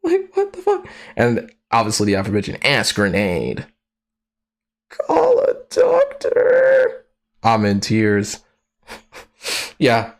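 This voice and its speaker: A streamer giving casual live commentary, slangy and profane, who laughs often and breaks into excitable outbursts. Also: mid-range voice.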